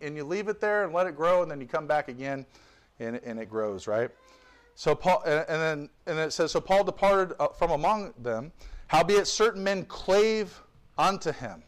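A man's voice: on the high side, expressive, moderate pace, clear, resonant tone. A man preaching a sermon with fervor, reading scripture and adding joking asides. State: tired. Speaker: visiting pastor.

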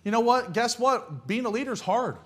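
Male preacher, high voice, folksy and blunt, pounds points home with rhetorical questions. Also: animated, brisk, a bit bright. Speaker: pastor. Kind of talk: sermon.

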